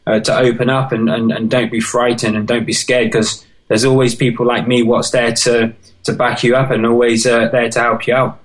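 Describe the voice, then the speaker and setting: A British man speaks as a podcast guest, recounting his own story in earnest, halting bursts. His voice sits at an ordinary middle pitch, and the telling stays emotional and sincere throughout. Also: rough recording. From United Kingdom. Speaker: podcast guest, marathon runner. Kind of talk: personal life story in an interview.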